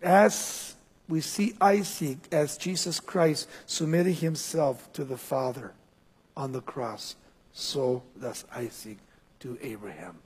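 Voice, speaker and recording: A man preaching a sermon as pastor, swinging between loud, high calls and low, quiet passages. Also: slow, breathy edge. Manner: preaching with wide swings of pitch and loudness. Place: church. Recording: long reverb in a church hall.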